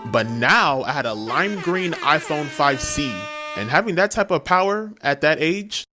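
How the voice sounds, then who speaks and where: Lively young man telling a story. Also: fairly high pitch, unhurried. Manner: animated, slangy and emphatic. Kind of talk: storytime vlog. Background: background music.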